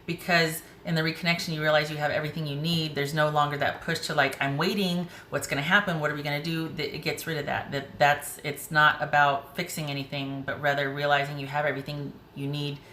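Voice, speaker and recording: A woman's voice: low-pitched, flat delivery, brisk, hardly any pauses, bright, forceful tone. A woman doing a casual tarot reading, chatty and emotional, thinking aloud as she turns the cards. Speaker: tarot reader. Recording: roomy with faint hiss.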